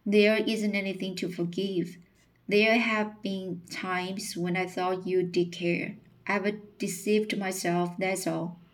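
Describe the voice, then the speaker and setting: A woman reading the part of a quietly insistent young man in a storybook, in a slow, low-key way. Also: little pitch movement, close to an everyday voice. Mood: earnest.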